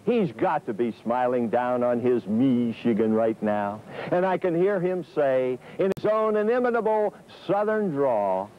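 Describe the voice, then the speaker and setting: An older man, a sports broadcaster, delivering a sentimental tribute narration with rhyming verse, his voice swooping from high exclamations down to low murmurs. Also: sing-song, a little slow, few pauses, dull audio. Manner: reverent and sentimental.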